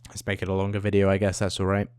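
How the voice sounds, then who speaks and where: A man's voice: sits low, completely flat delivery, racing, darkish tone, clear, resonant tone, no room sound. Rambling, profane young man. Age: young adult. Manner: rambling, profane, self-mocking. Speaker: vlogger. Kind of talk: casual rant to camera.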